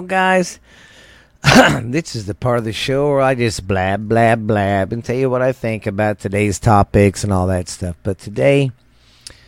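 A man's voice: fairly low pitch, no room sound. A middle-aged man hosting a show, rambling casually through a countdown with crude jokey asides. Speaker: show host. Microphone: studio microphone.

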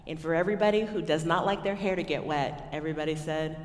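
A woman with a Texan accent preaching a sermon to a women's gathering, telling stories and swinging between loud and hushed moments. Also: deep voice, quick pace. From Texas. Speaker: women's ministry speaker. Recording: echoey hall with long reverb.

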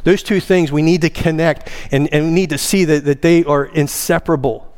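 With a steady, darkish voice at normal speed, a man preaches in a church. The pastor stresses important words emphatically, rising in pitch, and draws the congregation into reciting together in call-and-response.

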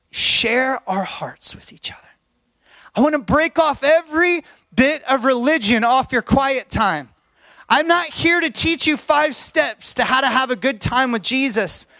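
A man with a notably high voice preaches in a dry, close-sounding room. He tells his own stories earnestly and from the heart. He sounds middle-aged and speaks as a pastor. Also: sharp tone, dry recording. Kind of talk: sermon with personal stories.

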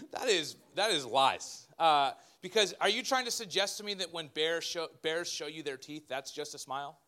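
A man, a pastor, preaching a sermon in an animated way with joking asides to his congregation. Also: on the high side, moderate pace.

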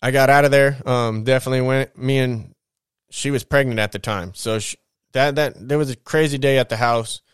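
A man spins his life story in a loose, slangy ramble, full of fillers and asides. His voice is smooth and clear at an ordinary pitch. The recording is dry and close, with no room around it. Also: fairly even intonation, normal speed, no room sound. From Southern California. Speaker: podcast host telling his life story. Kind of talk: casual storytelling.

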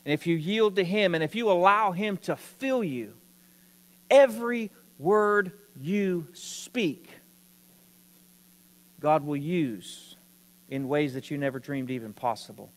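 A man's voice: fairly high pitch, slow, long reverb tail. A man preaching a sermon, telling a story with rising emphasis.

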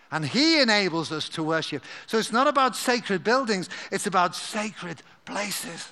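A man preaching a live sermon in a church, animated and dropping to a hushed, confiding voice at times. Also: high voice, normal speed. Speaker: pastor.

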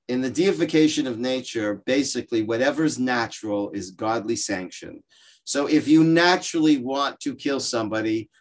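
A man with a mid-range voice gives a religious lesson over a video call. He explains through stories and lively asides. He often breaks into quoted voices for the people in them. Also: medium pitch. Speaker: rabbi teaching a class. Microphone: video call microphone.

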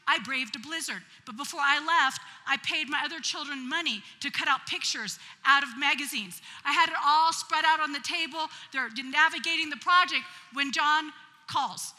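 Bright-voiced woman preaching in a reverberant hall. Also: high-pitched, normal speed. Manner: lively, chatty, self-mocking storyteller. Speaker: preacher at a women's conference. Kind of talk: humorous storytelling sermon.

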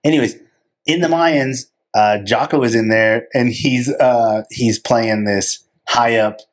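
Male podcast co-host, mid-range voice, animated and quick to laugh while telling a story in casual talk. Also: medium pitch.

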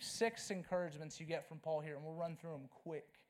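A man in his thirties preaches to his congregation in a high voice. He talks casually, then turns emphatic, dropping to a hush and rising to loud bursts. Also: steady tone, a little fast, few pauses. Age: 30s. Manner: conversational and emphatic, swinging from hushed to loud. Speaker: pastor. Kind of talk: sermon.

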